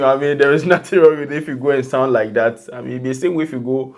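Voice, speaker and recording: A man with a Ghanaian accent co-hosts a relaxed gossip chat. He rambles in an easygoing way and laughs often between his points. His voice sits at an ordinary pitch. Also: fast talker, very noisy. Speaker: co-host. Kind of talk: casual chat.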